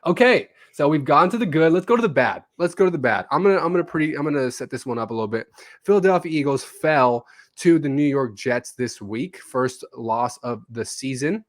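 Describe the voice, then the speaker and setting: A man's voice: fairly high pitch, fairly quick, dry recording, clean studio sound. A young man co-hosting a casual sports podcast, telling stories with lots of swearing and energy. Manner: animated, profane storytelling. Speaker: podcast co-host.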